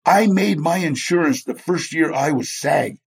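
A man's voice: fairly high pitch, a little slow, creaky, slightly rough. A man, a guest in an interview, telling stories animatedly, acting out the people he quotes and laughing often. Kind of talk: storytelling in a chat interview.

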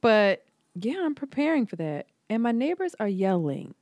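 A woman's voice: mid-range voice, moderate pace, dry recording, studio quality. A young adult woman co-hosting a podcast, telling stories in casual chat and acting out the quoted lines. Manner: animated storyteller, acts out quotes. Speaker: podcast co-host.

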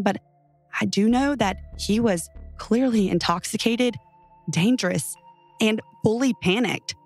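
Woman narrator, earnest and tense, middle pitch. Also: a little mellow, dry recording. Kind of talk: narrated true first-person story.

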